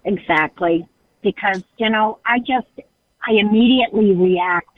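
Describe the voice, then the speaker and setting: A woman's voice: medium pitch, measured pace, no echo, narrow, tinny audio. A woman calling an advice show, frank and exasperated, laughing as she talks. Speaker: caller, caretaker of her mother. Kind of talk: phone call to advice show.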